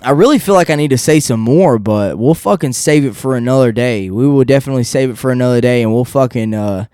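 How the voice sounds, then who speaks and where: Smooth-voiced, profane podcast host, man. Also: mid-range voice, fast talker, warm tone, dry recording, clean studio sound. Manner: profane, rambling, loose. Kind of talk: casual solo podcast rant. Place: seated indoors without a backrest.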